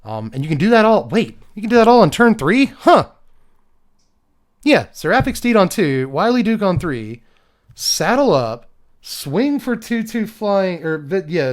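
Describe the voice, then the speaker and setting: A young man with a slightly raised voice talks through a stack of game cards in a loose, chatty review. He muses aloud about each one and settles on a quick number score before moving on. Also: a little high. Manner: chatty, thinks aloud, gives quick numeric ratings. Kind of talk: casual card-by-card review.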